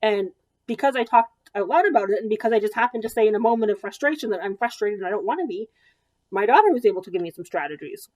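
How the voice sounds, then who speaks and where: A woman's voice: medium pitch, expressive, fast, darkish tone. A woman in her thirties, a child development therapist, giving an educational presentation to parents in a conversational way with frequent ums.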